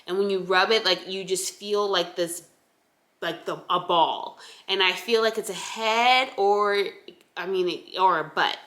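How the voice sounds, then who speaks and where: A woman's voice: medium pitch, pushed and bright. A young pregnant woman chatting casually to camera in a rambling way, with lots of fillers and restarts. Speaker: vlogger. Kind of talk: casual chat.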